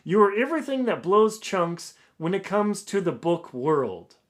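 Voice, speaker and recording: A man's voice: high voice, sing-song, measured pace, pitched above the performer's own voice. A man reading out a nasty review in a put-on pompous English accent, playing a snobbish literary critic. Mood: pompous, sneering. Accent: mock posh English. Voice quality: pompous, sneering.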